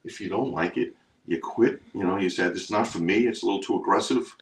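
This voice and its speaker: Deep-voiced guy talking fast on a trading live stream, pushy and repetitive. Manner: emphatic, repeats himself. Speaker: trading group host. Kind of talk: live stream sales pitch.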